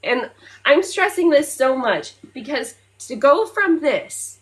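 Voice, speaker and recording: A woman co-hosting a podcast in casual chat. She retells things in a lively, loose way, swears freely, and stops to hunt for her place. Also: sits high, slow pace, poor audio. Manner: animated retelling, often swears, fillers, loses her place. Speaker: podcast co-host.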